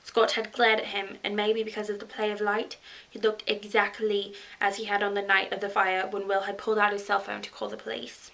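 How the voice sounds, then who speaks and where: Bright woman in a put-on British accent. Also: mid-range voice, completely flat delivery, fairly quick, gravelly, rough recording. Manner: chatty and giggly, self-mocking. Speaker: vlogger. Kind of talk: reading a novel aloud on camera.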